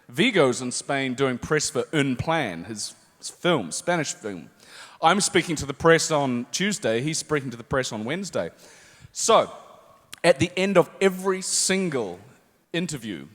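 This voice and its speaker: Kiwi male guest on a con panel, higher voice, animated anecdote teller, echoey hall. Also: unhurried. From New Zealand. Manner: animated storyteller, acts out voices. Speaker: guest actor on a convention panel. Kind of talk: live anecdote storytelling to an audience. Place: large convention hall. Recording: echoey convention hall, faint noise.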